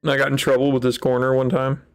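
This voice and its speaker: A man's voice: medium pitch, monotone, quick pace, clear, resonant tone. A man giving casual let's-play commentary in a rambling, wry way, with mock-dramatic sulking. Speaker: gaming channel host.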